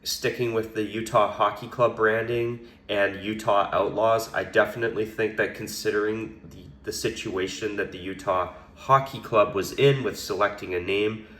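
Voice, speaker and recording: A man with a hoarse, raspy voice from a cold, giving rambling solo commentary on a sports topic with frequent restarts. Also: on the low side, fairly even intonation, normal speed, few pauses, a bit bright, roomy sound. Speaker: hockey commentator.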